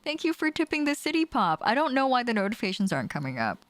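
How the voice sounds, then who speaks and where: A woman's voice: on the high side, fast, dry recording. A young woman streaming from a small home room, chatting casually with her viewers, laughing often and swearing freely. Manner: animated, swears casually, laughs often, reads chat aloud. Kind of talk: casual chat with live chat while gaming.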